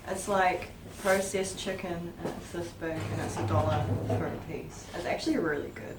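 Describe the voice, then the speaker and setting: A woman's voice: fairly low pitch, fairly even intonation, normal speed, distant mic, background noise. A woman helping in a garage, chatting casually and laughing easily. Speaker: helper on the show. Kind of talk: casual chat.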